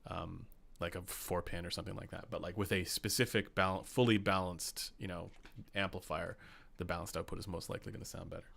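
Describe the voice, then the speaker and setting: A man's voice: low-pitched, little pitch movement, a little fast, gravelly, hardly any pauses, fairly bright tone. A young Canadian man with a Canadian accent hosting a casual live stream, chatty with lots of fillers and laughs. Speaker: podcast host.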